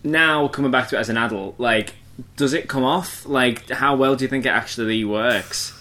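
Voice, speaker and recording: A man hosting a film podcast, animated and opinionated as he steers the conversation. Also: mid-range voice, moderate pace. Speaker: film review podcast host. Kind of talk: casual chat.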